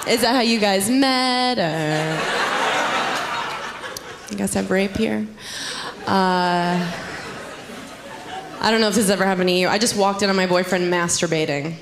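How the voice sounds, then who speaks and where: A young woman performing a stand-up comedy set, chatty and teasing the audience, with sudden high squeals in her bits. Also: unhurried, pauses often, a crowd in the background. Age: young adult. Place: comedy club stage. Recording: loud background noise from audience.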